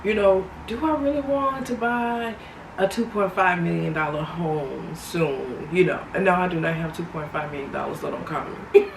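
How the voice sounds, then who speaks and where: In a relaxed, reflective vlog, a woman with a medium-pitched, fairly bright voice chats to her viewers, laughing a lot and addressing them as honey and sweetie. The sound is roomy and echoey, she's far from the mic, and faint noise lingers behind her.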